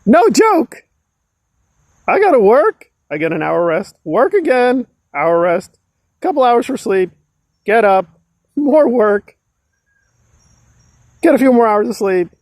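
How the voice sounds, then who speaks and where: A man's voice: sits high, very animated, a little slow, long pauses, dry recording. A man ranting in a sarcastic, emphatic online commentary.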